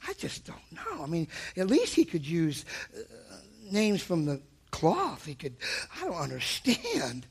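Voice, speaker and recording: A man doing a hushed, breathy impression of a flustered, fretting female talk-show hostess, faltering as he goes. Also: on the high side, wildly swooping pitch, a little slow, pitched below the performer's own voice, exaggerated voice. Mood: fretful.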